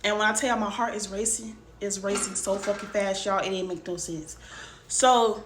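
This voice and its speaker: A woman's voice: medium pitch, fairly even intonation, normal speed. A young woman vlogger casually telling a personal story, talking emphatically straight to her viewers. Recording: roomy room, faint background noise.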